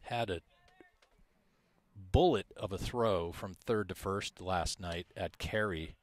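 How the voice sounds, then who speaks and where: A man calling a high school baseball game play by play, reading out stats in a measured way. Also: no echo. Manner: measured, stat-heavy, self-deprecating asides. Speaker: play-by-play announcer.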